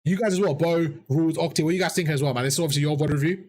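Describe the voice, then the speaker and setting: Fast-talking man with a worn-out voice. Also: fairly high pitch. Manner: excited, rapid coaching talk to players and chat. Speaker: esports coach and streamer. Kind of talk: live VOD review commentary.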